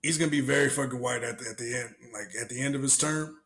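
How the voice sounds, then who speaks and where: A man co-hosting a casual podcast, talking in a profane, animated way and laughing often. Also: medium pitch, fast talker. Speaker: podcast co-host.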